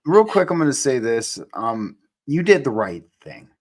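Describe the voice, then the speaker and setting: A man's voice: medium pitch, very animated, moderate pace. A man hosting a casual talk show, responding emphatically and with sympathy. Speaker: host. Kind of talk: casual chat.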